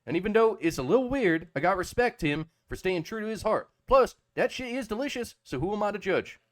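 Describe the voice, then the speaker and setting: A man's voice: high voice, expressive, a little fast, no echo, pitched above the performer's own voice. A man putting on the voice of a brash young male storyteller, reading aloud with emphatic, drawling slang. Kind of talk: dramatic reading of a chatbot text.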